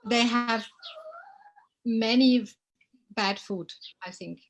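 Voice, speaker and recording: A woman's voice: on the high side, poor audio. A woman from Germany with a German accent, chatting as a guest in an interview and searching for her words. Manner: relaxed, halting, searching for words. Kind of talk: casual interview chat.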